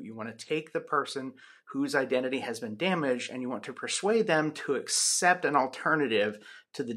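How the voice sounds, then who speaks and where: A man's voice: mid-range voice, pushed and bright. A man lecturing on sociology in a loose, chatty way, with many ums and restarts. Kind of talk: recorded lecture with personal anecdote.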